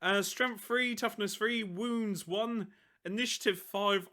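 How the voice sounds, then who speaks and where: A man's voice: high voice, unhurried, sharp tone. A young man giving casual, self-mocking commentary on tabletop game rules, laughing often and swearing freely. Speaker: tabletop wargame channel host.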